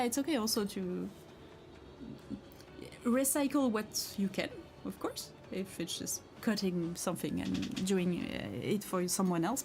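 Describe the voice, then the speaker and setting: In a casual live chat, a woman running a craft stream from her home craft space reads her viewers' comments. Her medium-pitched voice is a little mellow, with some hiss or hum in the recording, and she comes across chatty, giggly and encouraging.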